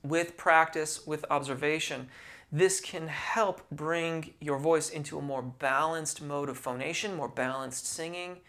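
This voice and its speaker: A man teaching singing, explaining vocal technique in a measured, patient way and using technical singing terms. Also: a little high, fairly even intonation, a bit bright.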